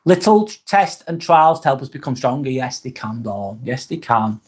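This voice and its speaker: A man's voice: medium pitch, lively intonation, moderate pace, slightly rough. A man with an English accent hosts a motivational livestream, speaking in a casual, reflective way that repeats phrases and swears now and then. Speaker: livestream host.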